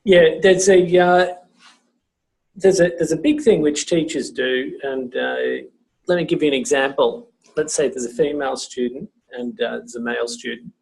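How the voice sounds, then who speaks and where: Gravelly man, higher pitched. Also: moderate pace. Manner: animated, acts out dialogue in high and low voices. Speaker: teacher. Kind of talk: casual chat.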